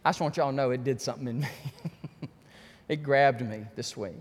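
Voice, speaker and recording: A pastor preaching a fervent sermon, repeating himself and rising to shouts. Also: male voice, medium pitch, fairly quick. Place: church sanctuary. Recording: long reverb of a church hall.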